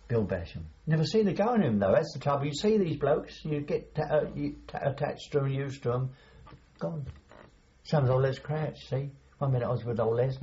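A man's voice: mid-range voice, mellow. An older man recalling wartime memories in an oral history interview, rambling and hesitant, chuckling as he remembers. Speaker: veteran interviewee. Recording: dull lo-fi recording.

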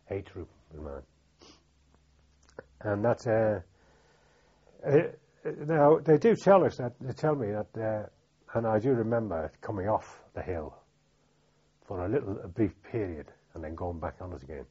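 An older man from Liverpool with a Liverpool accent, recalling wartime memories in an oral history interview, halting and plain-spoken with many restarts. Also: on the low side, slightly rough. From Liverpool, England. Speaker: veteran interviewee. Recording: dull lo-fi recording.

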